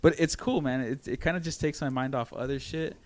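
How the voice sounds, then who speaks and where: A man chatting casually on a podcast as a guest, an excitable storyteller who swears freely and acts out other people's lines. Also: mid-range voice, fairly quick. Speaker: guest, former podcast host.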